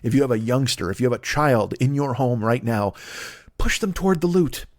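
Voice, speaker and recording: A man's voice: medium pitch, expressive, a little fast, a little mellow, no echo, studio quality. Profane rambling middle-aged male comic. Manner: rambling, profane, acts out characters in put-on voices. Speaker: comedy podcast host. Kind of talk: solo comedic monologue.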